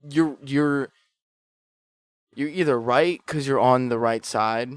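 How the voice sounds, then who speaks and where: A man hosting a podcast in casual chat, animated and swearing often, laughing a lot. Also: mid-range voice, slow pace, smooth, dry recording. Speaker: podcast host.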